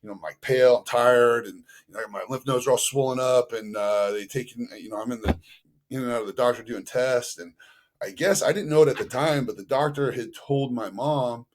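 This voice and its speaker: A man's voice: medium pitch, brisk. A man telling a story as a podcast guest in a loose, rambling way, full of fillers. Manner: acts out other people's voices in his stories. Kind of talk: casual storytelling.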